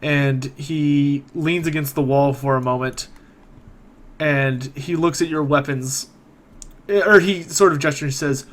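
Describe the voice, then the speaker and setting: A man narrating a tabletop game as game master, relaxed, with fillers. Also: a little high, measured pace.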